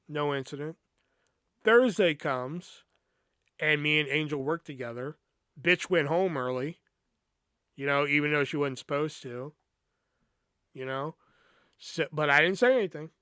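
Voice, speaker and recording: High-voiced man telling a rambling story. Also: measured pace, long pauses, clean tone, no echo, clean studio sound. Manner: profane, rambling, animated retelling. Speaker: podcast host. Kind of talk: casual storytelling.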